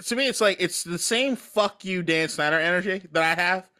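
Co-host type: male, higher-pitched, sharp bright tone, crude and animated, casual sports talk. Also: fairly quick. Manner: profane, animated, laughs often. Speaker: podcast co-host. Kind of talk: casual sports podcast chat.

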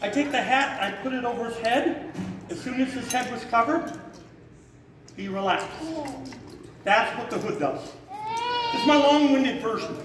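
A man giving a live talk as a raptor handler to an audience, an animated storyteller who acts out the voices and shouts in his story. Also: very high-pitched, a little slow, pauses often, noisy background. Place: hotel event room with an audience. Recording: echoey hall, far from the mic, crowd audible.

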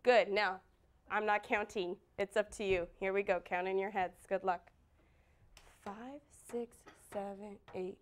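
A woman leading a children's dance class, praising warmly and counting beats aloud, at times loud and at times hushed. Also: mid-range voice, level tone, normal speed, very noisy.

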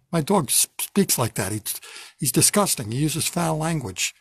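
Brief: older male comic, husky, fairly high voice, whiny self-mocking rant, dry close sound. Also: animated, moderate pace, no room sound. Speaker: comedian. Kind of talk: stand-up comedy monologue. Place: home basement.

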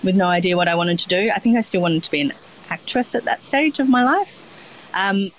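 Interviewed as a guest, a middle-aged Australian chef rambles casually with plenty of ums and restarts. Her medium-pitched voice is expressive and brisk, and the rough recording carries slight background noise.

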